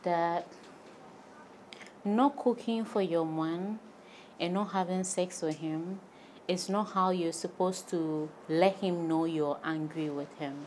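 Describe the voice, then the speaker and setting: A woman on a podcast panel speaks assertively and with deliberate emphasis. Her voice is low for a woman. Faint noise runs behind her. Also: steady tone, a little mellow. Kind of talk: casual panel discussion.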